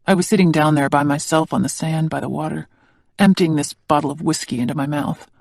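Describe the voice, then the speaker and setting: Reader playing a guarded, hurt young man; quiet, level, audiobook dialogue in a dead-dry room. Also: mid-range voice, fairly even intonation, a little fast, vocal fry, dry recording. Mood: subdued. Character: guarded adult man, bitter about his father.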